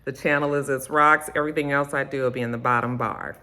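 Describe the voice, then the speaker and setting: Bright-voiced woman recapping with sass. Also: very deep voice, fairly even intonation. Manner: chatty, sassy storytelling with slang, drawn-out emphasis. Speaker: YouTube reality-TV recapper. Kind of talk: casual recap to camera.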